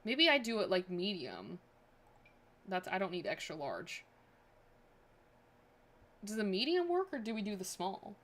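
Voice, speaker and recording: A woman streamer chats through her building session, musing aloud and trailing off with fillers as she decides. Her voice sits at a middling pitch, relaxed and conversational. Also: unhurried, pauses often. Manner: thinking aloud, chatty, filler-heavy. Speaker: game streamer. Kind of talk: casual livestream chat.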